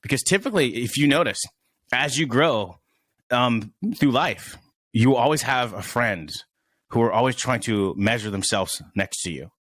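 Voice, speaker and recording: A man's voice: medium pitch, moderate pace, fairly bright tone, no echo. A young man in his twenties chatting as a podcast guest, rambling and searching for words as he goes. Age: 20s. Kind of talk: casual podcast chat.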